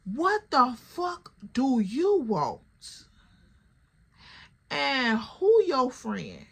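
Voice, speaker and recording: A woman's voice: fairly high pitch, a little slow. A woman voicing an angry young woman who snaps out blunt, cursing demands.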